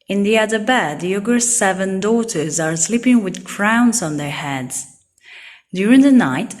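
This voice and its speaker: Slow, low-voiced woman reading a storybook. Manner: clear, simple storybook reading. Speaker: storybook reader. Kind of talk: slow read-aloud for young learners.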